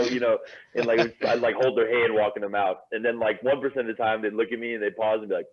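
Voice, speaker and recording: A man's voice: medium pitch, fast talker. Laughing man telling stories over a tinny line. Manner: animated, laughing storyteller with many fillers. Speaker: podcast guest. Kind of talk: casual storytelling.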